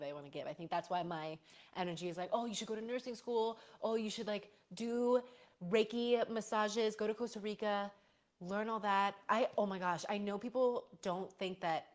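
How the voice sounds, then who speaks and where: A young woman chatting casually on a live stream, rambling through stories and answering chat with playful slang. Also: lowish voice.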